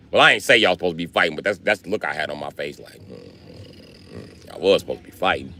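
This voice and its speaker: A man's voice: very deep voice, quick pace, gravelly, a little hiss or hum. A man hosting a livestream, telling rambling, profane comedic stories. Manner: profane, rambling, lively storytelling. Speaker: livestream host.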